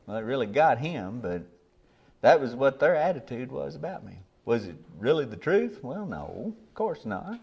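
A man's voice: medium pitch, sing-song, normal speed, gravelly, a little mellow, slightly rough, dull audio. An older man, a preacher giving a sermon in a folksy, plainspoken way, earnest and building to emphatic peaks.

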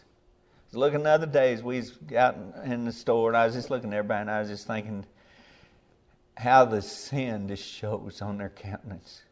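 A man's voice: fairly low pitch, normal speed, darkish tone. An older man, a preacher giving a sermon in a folksy, plainspoken way, earnest and building to emphatic peaks.

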